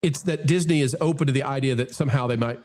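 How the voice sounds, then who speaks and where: A man's voice: medium pitch, fast talker. A man hosting a casual commentary podcast, reading quotes aloud and reacting to them. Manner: animated, reads quotes aloud. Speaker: podcast host.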